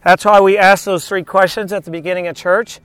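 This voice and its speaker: A man's voice: sits high, flat delivery, brisk, a bit bright, clear, resonant tone, dry recording. A male pastor giving a casual, anecdotal sermon at an outdoor beach church, chatting with frequent asides to the congregation.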